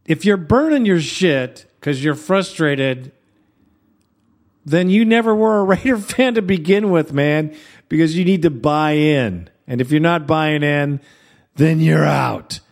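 A man hosting a sports fan call-in show, ranting bluntly and with heavy profanity. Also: on the high side. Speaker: show host.

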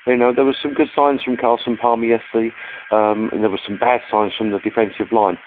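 A man leaving a measured, rallying voicemail. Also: mid-range voice, level tone. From London, England. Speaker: caller. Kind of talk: voicemail to a podcast. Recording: tinny phone line with clear noise.

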